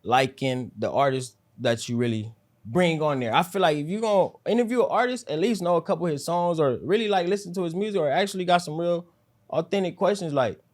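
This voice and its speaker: A man being interviewed as a rapper, talking low and mellow, almost whispering, in a loose, laid-back way full of slang and fillers. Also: a little fast. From South Central Los Angeles. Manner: loose slang-heavy talk with frequent fillers. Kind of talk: casual interview chat.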